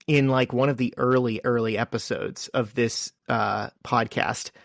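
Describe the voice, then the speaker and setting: A man co-hosting a podcast in casual chat, telling stories in a relaxed, drawn-out way with many fillers. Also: mid-range voice, vocal fry, no echo, clean studio sound. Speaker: podcast co-host.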